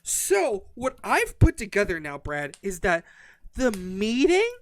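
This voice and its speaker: A male podcast co-host recaps a trashy novel in casual, profanity-laced chat. His pitch swings widely and expressively as he tells the story. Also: slow. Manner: animated, profane plot recap. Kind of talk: casual book review chat.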